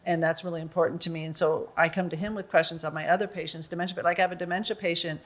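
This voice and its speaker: A woman's voice: lowish voice, fairly even intonation, racing, fairly bright tone. A woman doctor speaking on a panel, explaining at length in a casual, thinking-aloud way.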